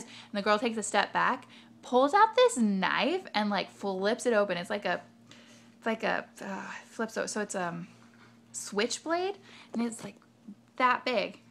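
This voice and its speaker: Chatty young woman with a creaky voice. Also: mid-range voice, expressive, unhurried, fairly bright tone, slight background noise. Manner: rambling, lots of fillers and asides. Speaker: vlogger. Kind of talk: casual storytelling.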